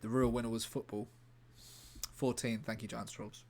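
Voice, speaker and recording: A man streaming live in a rambling, deadpan way, breaking off to answer his chat. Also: mid-range voice, moderate pace. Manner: rambling, deadpan, self-interrupting. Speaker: livestreamer reading chat. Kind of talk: casual livestream chat.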